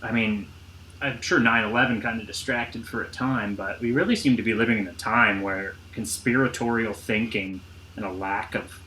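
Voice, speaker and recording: A man's voice: fairly low pitch, fairly even intonation, moderate pace, pushed and bright, low-quality recording. A man hosting a casual podcast chat who rambles, restarts his sentences and swears casually. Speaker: podcast host. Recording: faint background noise.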